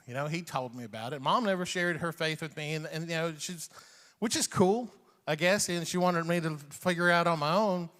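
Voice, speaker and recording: A man's voice: fairly high pitch, a little fast, a bit bright, long reverb tail. A man in his forties, from Iran, a comedian telling a rambling personal story with chuckles and acted-out quotes. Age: 40s.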